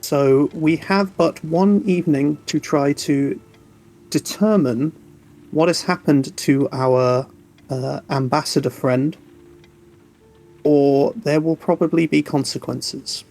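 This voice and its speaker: A man voicing a stern, businesslike vampire prince who briefs his guests in a measured, formal way. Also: fairly high pitch, a little mellow, rough recording. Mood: grave, formal.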